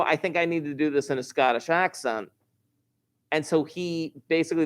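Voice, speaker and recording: A man teaching an online algebra class, explaining steps while joking and chatting with his students. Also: mid-range voice. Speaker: math teacher. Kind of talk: live online class lesson.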